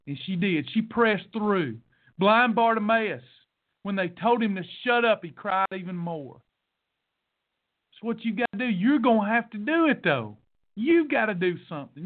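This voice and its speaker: A man's voice: high voice, expressive, normal speed. A man hosting a podcast, coaching listeners on a diet program in a fervent, repetitive, sermon-like way. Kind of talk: preachy motivational monologue. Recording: tinny phone-like sound.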